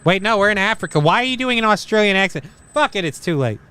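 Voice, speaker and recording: A man's voice: sits high, lively intonation, fast, sharp tone, smooth. A man hosting a live stream, reacting to videos with sardonic, profane jokes. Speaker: show host.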